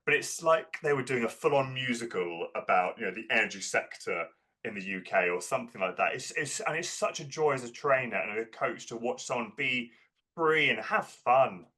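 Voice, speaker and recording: A man, an actor and performance coach, telling animated stories in a casual interview, who often repeats words as he starts. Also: mid-range voice, normal speed.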